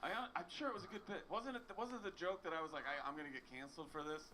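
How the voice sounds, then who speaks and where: A man with a slightly high voice spins deadpan, profane stories as a guest comedian. Steady noise fills the room behind him. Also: rapid-fire. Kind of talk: comedic banter.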